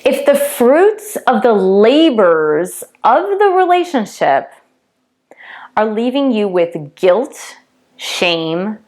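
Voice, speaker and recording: Woman coach talking it through, stresses words, keeps saying okay and right, jumps loud then soft. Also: mid-range voice. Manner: emphatic, repeats key words, checks in with "okay?" and "right?". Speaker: twin flame coach and tarot reader. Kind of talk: casual teaching monologue.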